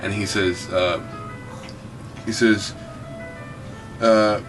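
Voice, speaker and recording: Man, very deep voice, casual chat, reads manga aloud, acts out lines, music behind. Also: fairly even intonation, very slow. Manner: acts out characters' lines in a raised voice. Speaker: co-host reading manga aloud.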